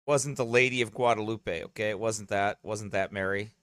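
A man's voice: fairly low pitch, steady tone, normal speed, a bit bright, clean tone, no echo, studio quality. A man hosting a broadcast, rambling casually and often checking in with "okay?" or "right?" and breaking into laughter. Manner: laughs often while talking. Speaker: host.

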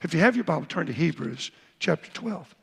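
A man's voice: a little high, lively intonation, a little fast, gravelly, husky, big-room sound. A man, the pastor, preaching a sermon, reading Bible verses aloud and acting out a father's talk with his son. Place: church sanctuary.

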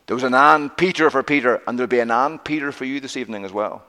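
A middle-aged man preaching a sermon, emphatic and repetitive, swinging from loud declarations to hushed near-whispers. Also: mid-range voice, quick pace, in a large hall.

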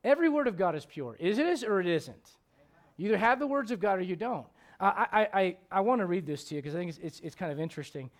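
A man preaching a sermon as pastor, swinging between loud emphatic questions and low, quiet asides. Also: big pitch swings, quick pace.

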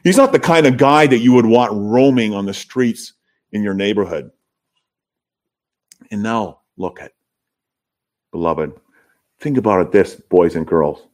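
A man's voice: lowish voice, unhurried, pauses often, a little mellow. A man preaching a sermon as pastor, earnest and emphatic, lifting his voice when he acts out the crowds. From Canada.

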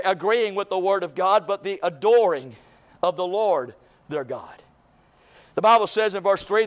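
A man preaching a sermon, his voice pitched unusually high for a man. He preaches with fervor, stretching his phrases and pushing up into shouts as he drives his point home. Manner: impassioned preaching, rising to shouts. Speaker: pastor.

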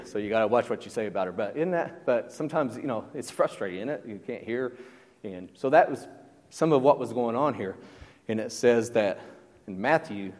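A man's voice: fairly low pitch, darkish tone, in a large hall. A man preaching a sermon as pastor, in a conversational way that keeps asking the congregation questions. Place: church.

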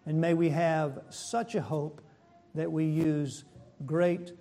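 A man preaches a sermon at a slow, deliberate pace, his voice sitting high yet soft and mellow in tone. He poses rhetorical questions to the congregation, rising sharply in pitch and force to drive a point home, then sinking back low and quiet. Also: little pitch movement. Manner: builds in pitch and loudness when pressing a point, then drops low and soft.

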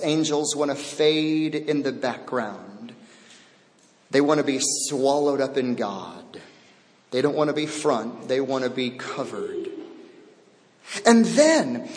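Emphatic high-voiced male preacher, reverberant hall. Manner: swings between loud emphatic declarations and low hushed asides; repeats words for emphasis, expressive preaching. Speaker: pastor. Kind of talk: sermon. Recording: long reverb, large hall.

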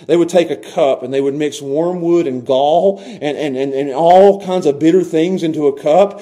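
A middle-aged male pastor preaching a sermon, dropping to hushed low tones and then rising to loud, impassioned cries.

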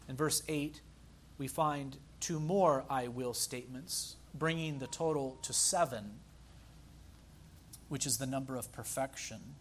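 A man preaching a sermon as pastor, earnest, slowing down to stress key phrases and speaking directly to the congregation. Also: medium pitch.

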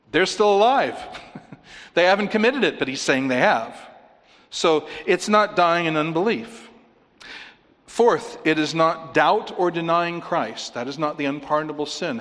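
A man's voice: a little high, fairly bright tone, long reverb tail. A man preaching a sermon, counting off his points one by one and pressing them home with rhetorical questions. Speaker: pastor.

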